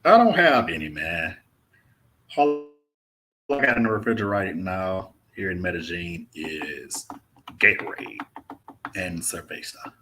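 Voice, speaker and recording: A man's voice: deep voice, measured pace, long pauses, sharp tone. A young man from Mississippi with a Southern accent, casually chatting through a livestream Q&A and reading viewer comments aloud. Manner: laid-back, drawling, says "man" often. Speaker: travel vlogger hosting a live Q&A. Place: indoors in a rented apartment.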